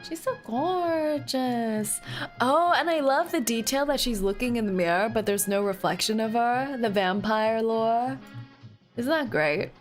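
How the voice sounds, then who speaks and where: A young woman streaming a game, chatting casually and breaking into drawn-out, whining cries. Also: a little high, animated, soft background music. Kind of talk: casual gameplay commentary.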